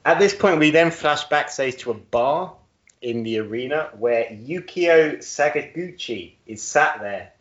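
Expressive and measured, this podcast co-host has a voice on the high side. He chats casually, joking and chuckling at his own humor, in audio that sounds roomy and dull.

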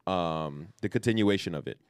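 A man's voice: deep voice, moderate pace, dry recording, clean studio sound. A man co-hosting a podcast, talking loosely with lots of slang, fillers and swearing. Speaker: podcast co-host. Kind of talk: casual chat.

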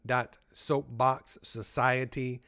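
A man hosting a podcast and giving a casual, motivational talk on leadership. He talks straight to his listeners in an easy, conversational way, at a mid-range pitch. The recording is close and dry, with no room sound. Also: level tone, slow pace, a bit bright, smooth, no echo. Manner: conversational, addresses listeners directly. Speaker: podcast host.

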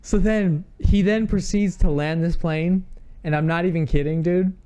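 A man chatting casually, telling an animated story full of restarts and swearing. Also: high voice, normal speed, clean tone. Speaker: podcast co-host telling a story. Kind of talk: casual chat.

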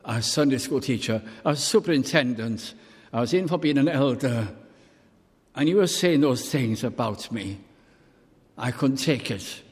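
An older man from Wales preaching a sermon, telling personal stories and quoting scripture slowly. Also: medium pitch, expressive, long reverb tail. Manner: storytelling, warm pauses, quotes scripture slowly.

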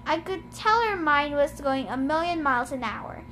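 A woman reading a novel aloud in measured first-person narration. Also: sits high, expressive, fairly bright tone, slight background noise. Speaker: reader.

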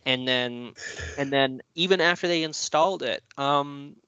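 A man's voice: medium pitch, a little slow, pushed and bright, smooth, dry recording, highs cut off. A man telling a long story in a casual chat, rambling with many fillers and frequent swearing. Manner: rambling, profane, lots of fillers.

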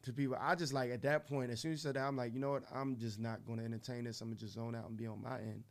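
A man co-hosting a morning radio show tells a story in a casual, animated way, acting out the voices of its characters. His voice is medium-pitched and his delivery rapid-fire.

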